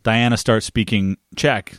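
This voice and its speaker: A man's voice: lowish voice, steady tone, unhurried, a bit bright, no room sound, clean studio sound. Joking man in podcast banter. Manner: joking, laughs easily. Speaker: podcast co-host. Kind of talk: casual chat.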